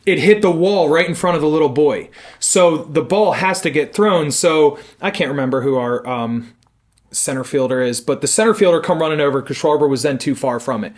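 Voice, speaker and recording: A young man co-hosting a podcast, telling a story in casual chat, animated and swearing as he acts out what people said. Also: a little high, brisk. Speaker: podcast co-host.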